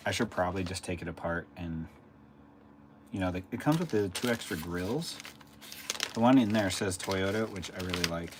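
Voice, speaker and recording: Low-voiced man chatting on a live stream. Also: moderate pace, background noise. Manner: rambling and chatty, reading out and answering chat. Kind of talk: casual live-stream chat with viewers.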